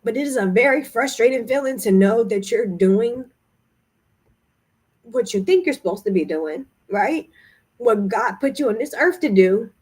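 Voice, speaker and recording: A woman's voice: a little high, expressive, normal speed, a little mellow, breathy edge. A young woman talking frankly to her camera about feeling tired and unwell, candid and emotional. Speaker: vlogger running group trips. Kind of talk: casual vlog talk.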